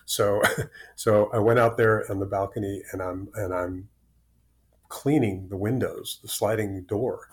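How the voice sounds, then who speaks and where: A man's voice: lowish voice, steady tone, a little slow. A man in his sixties from Florida, a guest talking frankly and with self-deprecating humor in an interview, often repeating words as he starts sentences. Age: 60s. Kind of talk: candid interview conversation.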